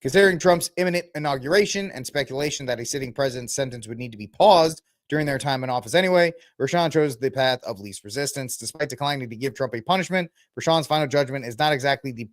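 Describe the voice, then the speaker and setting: A man's voice: mid-range voice, fast talker, hardly any pauses, no echo, studio quality. A man hosting a casual political commentary podcast, rambling and sarcastic as he reads and jokes through the news. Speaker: podcast host.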